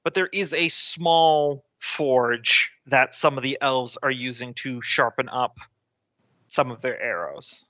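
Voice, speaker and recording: A man's voice: mid-range voice, takes it slowly, bright, forceful tone, dry recording, dull audio. A man narrating a tabletop game as game master, hesitant with many ums and restarts.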